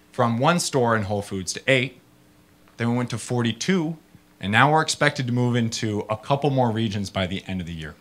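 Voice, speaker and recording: A man gives a casual, animated talk to an audience, full of fillers and acted-out voices. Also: mid-range voice. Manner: animated storyteller, acts out people in funny voices. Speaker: startup founder giving a talk.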